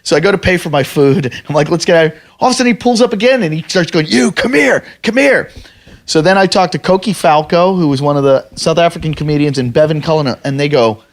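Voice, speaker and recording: A podcast host telling a profane story in casual chat, acting out other people's angry shouting. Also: male voice, on the high side, fast talker, hardly any pauses.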